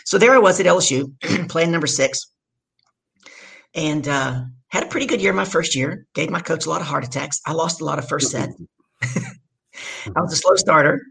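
A middle-aged woman from the States, telling her story as a guest in an energetic, emphatic way. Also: low-pitched, moderate pace, creaky, pauses often, breathy edge. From southern United States. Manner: energetic, emphatic storyteller who acts out quotes. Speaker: guest, business speaker. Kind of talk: storytelling in a conversation.

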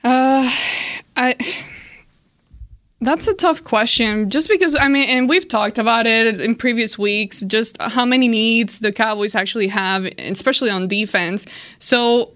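A woman on a sports podcast panel, giving a measured opinion that weighs both sides. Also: fairly high pitch, a bit bright. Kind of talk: casual sports talk.

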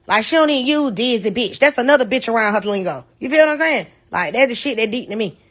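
A woman, a hairstylist, venting bluntly to camera, swearing freely and hammering the same points again and again. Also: a little high. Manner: blunt, profane, repeats her points.

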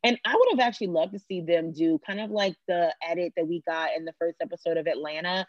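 A woman's voice: on the low side, fairly even intonation, quick pace, dry recording, highs cut off. A woman hosting a podcast, talking earnestly in long winding sentences in casual pop culture chat. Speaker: podcast host.

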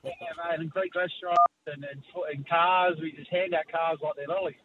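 High-pitched aussie bloke ringing a radio show, cheeky and jokey, a bit of hiss behind him. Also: male voice, moderate pace, narrow, tinny audio. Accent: Australian. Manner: cheeky, laughing, animated banter. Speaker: radio caller. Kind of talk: casual chat.

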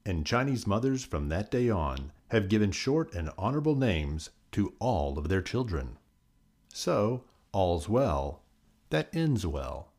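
A man reading a children's folk tale aloud in a sing-song, expressive storyteller's manner. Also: lowish voice, takes it slowly.

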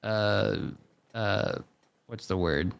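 A man's voice: fairly low pitch, drawn-out words, vocal fry, a crowd in the background. A man, a podcast guest, telling a long story casually with lots of fillers and frequent laughter. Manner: animated, laughing often, many fillers.

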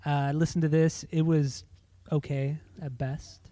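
A man's voice: on the high side, little pitch movement, measured pace, dark tone, no echo. A man hosting a podcast in casual chat, loose and chatty, swearing freely and restarting his sentences. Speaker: podcast host.

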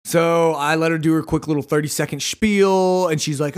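A podcast host telling a story in a casual, rambling monologue. His voice sits somewhat high for a man, and he tells it with sarcastic, exasperated humor. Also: brisk, smooth.

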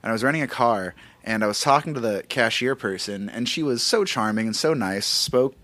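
A man from Los Angeles chats fast and loosely on a podcast, telling rambling stories stuffed with fillers. The recording is close and dry, with no room sound. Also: mid-range voice, lively intonation, fairly bright tone, dry recording. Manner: rambling storyteller, lots of fillers. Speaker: guest comedian. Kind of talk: casual podcast chat.

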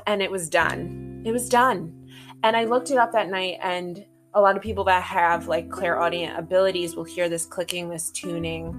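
A woman host talking casually and chattily, with many fillers and some swearing. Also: on the low side. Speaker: spiritual podcast host. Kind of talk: casual monologue.

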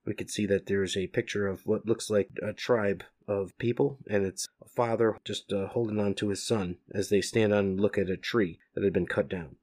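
A man's voice: on the low side, steady tone, normal speed, few pauses, darkish tone. A man casually reading a comic aloud, describing the panels with fillers. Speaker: comic reader.

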